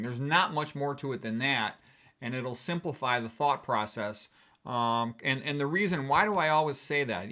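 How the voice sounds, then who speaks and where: A middle-aged man, a physician, giving a blunt, emphatic talk on health that rises to forceful stresses. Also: mid-range voice.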